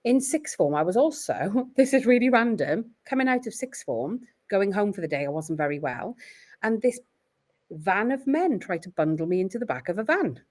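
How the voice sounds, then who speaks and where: A woman's voice: mid-range voice, moderate pace. A middle-aged Welsh woman talking openly and reflectively as a parent in a podcast conversation. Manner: earnest, reflective, expressive storytelling.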